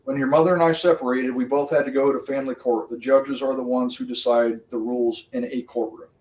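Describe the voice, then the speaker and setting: A man's voice: medium pitch, fairly even intonation, fairly quick, a little mellow. Profane, rambling man talking off-mic. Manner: swears constantly, laughs often, rambling. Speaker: livestream host. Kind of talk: profane casual chat with viewers. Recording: roomy sound, distant from the mic.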